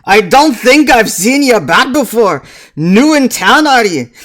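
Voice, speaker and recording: A man voicing a cheerful, burly male dwarf baker in a rustic put-on brogue, loud and a bit strained. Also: extremely high pitch, big pitch swings, measured pace, pitched above the performer's own voice, heavily acted. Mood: friendly.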